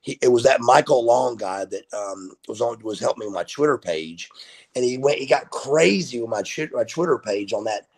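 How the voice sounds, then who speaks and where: Gravelly, husky man telling stories. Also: mid-range voice, moderate pace. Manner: animated storyteller, swears freely. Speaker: guest. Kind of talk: casual storytelling interview. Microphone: video call.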